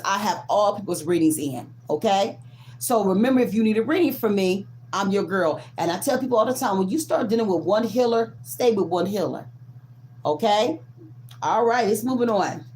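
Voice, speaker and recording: A woman giving a casual collective tarot reading, talking bluntly and profanely with drawn-out emphatic stresses. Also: medium pitch, a little mellow, slight background noise. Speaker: tarot reader.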